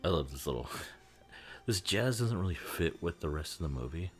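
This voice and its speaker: A man's voice: deep voice, animated, moderate pace, soft background music. A man giving a casual, rambling commentary over a film, laughing often and swearing freely. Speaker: movie commentary host.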